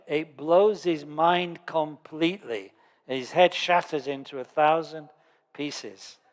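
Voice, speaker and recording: A man teaching Buddhism to an assembly in a relaxed, conversational way, with touches of dry humour. His voice sits somewhat high. A long hall reverb trails after each phrase. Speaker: Buddhist lama teaching a course. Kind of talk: Dharma teaching lecture.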